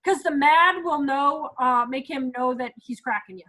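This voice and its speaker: A woman's voice: high voice, normal speed, bright, forceful tone, low-quality recording. A woman in her thirties leading a casual parenting talk, chatty and acting out little quotes as she goes. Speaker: parenting group leader.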